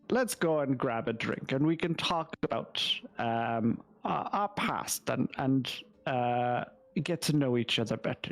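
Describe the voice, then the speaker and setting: A man playing a tabletop role-playing game, speaking in a slow, hesitant, polite way. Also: mid-range voice. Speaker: player. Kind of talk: in-character tabletop role-play.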